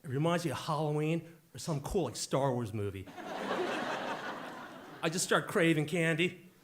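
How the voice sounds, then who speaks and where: A man's voice: fairly high pitch, animated, moderate pace, background noise. A man in his forties telling a jokey, punchy story live on stage into a handheld mic.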